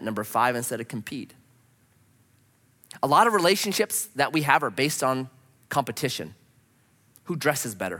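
A man preaching a sermon as a pastor, animated and full of rhetorical questions. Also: fairly high pitch, big-room sound.

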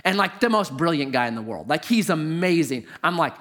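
A middle-aged man telling a personal story in a lively, exaggerated way, swinging into loud disbelief. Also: on the high side, a little fast.

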